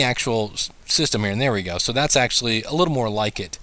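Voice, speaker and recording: A man's voice: mid-range voice, quick pace, hardly any pauses, pushed and bright. A man casually demonstrating and testing cheap microphones as a podcast teacher. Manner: conversational, testing gear aloud.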